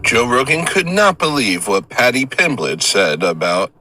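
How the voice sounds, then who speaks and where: A man doing a rambling comedic monologue, halting and stumbling over his words. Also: medium pitch, big pitch swings, sharp tone, faint music behind. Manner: halting, slow, trips over words with uh and restarts.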